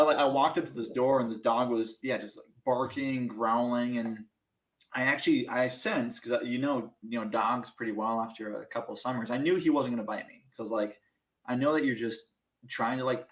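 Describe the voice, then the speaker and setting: A young man, a podcast guest, telling casual stories in an animated, self-mocking way and laughing through them. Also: medium pitch, moderate pace, roomy sound, poor audio. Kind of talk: casual storytelling.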